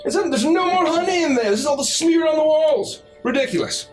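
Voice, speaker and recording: A man's voice: very high-pitched, lively intonation, brisk, reverberant, over music, pitched above the performer's own voice. A man voicing a fussy male bear servant who scolds the others. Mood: scolding.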